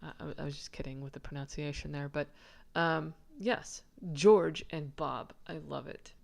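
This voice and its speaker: A woman's voice: deep voice, fairly even intonation, normal speed, vocal fry, darkish tone. A woman giving a casual, chatty lesson on a manuscript, giggly and rambling, who stops to answer viewer comments. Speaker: manuscript researcher presenting her findings.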